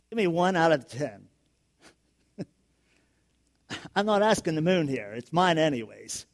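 A middle-aged male pastor giving a sermon, telling stories with frequent chuckles and building to loud, emphatic questions. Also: fairly high pitch, sing-song, slow pace, long pauses.

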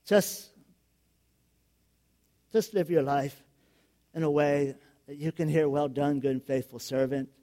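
A middle-aged male pastor giving a sermon, telling stories with frequent chuckles and building to loud, emphatic questions. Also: fairly high pitch, fairly even intonation, unhurried, pauses often.

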